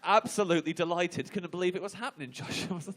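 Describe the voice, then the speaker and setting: A man comedian on a live radio panel, telling a self-deprecating comic anecdote in halting bursts with lots of restarts. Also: sits high, a bit bright.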